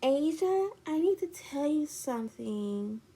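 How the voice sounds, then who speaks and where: A woman voicing a two-faced young woman who acts falsely sweet, in a soft, high, drawn-out sing-song. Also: lively intonation, heavily acted. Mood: confiding.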